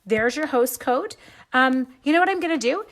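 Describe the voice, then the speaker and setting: In her live card-stamping stream, this Canadian host keeps up a chatty commentary while working, warmly thanking viewers by name and calling them "my dears." Her high voice carries lively intonation at a moderate pace.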